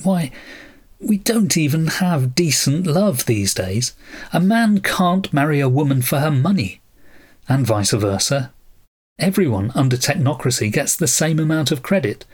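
A man voicing a frustrated male writer who laments loudly and sarcastically in a read-aloud story. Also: fairly high pitch, lively intonation, a little slow, husky, voice pushed up. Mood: sarcastic. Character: frustrated male writer, bitter and self-pitying.

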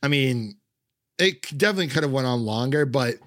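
A man's voice: medium pitch, lively intonation, fairly quick, a bit bright, no room sound. Rambling man, dry close sound. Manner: rambling, frequent fillers, laughs often. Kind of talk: casual film review chat.

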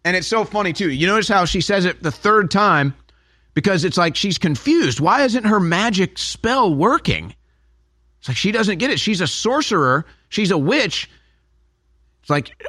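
Sarcastic animated male commentator. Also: high-pitched, moderate pace, no echo, studio quality. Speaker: commentary show host. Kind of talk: political commentary.

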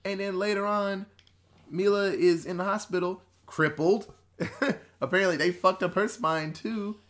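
A man's voice: sits high, fairly even intonation, unhurried, fairly bright tone. Chatty, profane man recapping a movie. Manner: profane, rambling storytelling with quoted voices. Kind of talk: casual movie recap chat.

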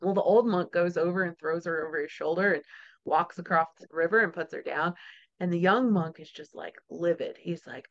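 A woman's voice: fairly low pitch, normal speed, lo-fi sound. A woman hosting a podcast, talking casually and often laughing, with chatty storytelling asides. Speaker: podcast host. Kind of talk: casual interview chat.

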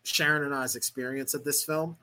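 A man's voice: mid-range voice, fairly even intonation, a little fast, bright, forceful tone, low-quality recording. A man co-hosting a podcast, chatting casually and playfully about a film. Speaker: podcast co-host. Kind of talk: casual chat.

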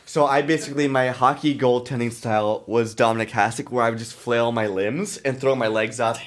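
A man's voice: mid-range voice, fairly even intonation, a little fast. A man in his thirties hosting a podcast, telling rambling, self-mocking stories in casual chat. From Canada. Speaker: podcast host.

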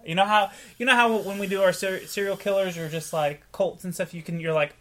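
A man co-hosting a casual podcast chat, telling a story with lively acted-out quotes. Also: high voice, fairly quick. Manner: animated storytelling, acts out quotes. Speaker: podcast co-host.

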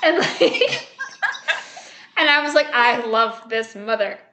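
A young woman with a higher-pitched voice takes her time retelling a movie scene by scene in a reverberant space. She animatedly performs the characters' lines, swearing and laughing as she goes.

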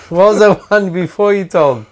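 Easygoing guy on a podcast, slightly high voice, laughs a lot. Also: vocal fry, darkish tone. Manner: laughs easily, agreeable. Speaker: podcast co-host. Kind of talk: casual chat.

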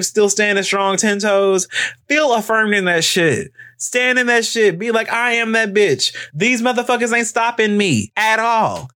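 Young man, podcast host, chatty and sassy, cursing freely, voice sits a bit high. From Alabama, US. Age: young adult. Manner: sassy, profane, animated storytelling with frequent asides. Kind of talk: casual solo chat.

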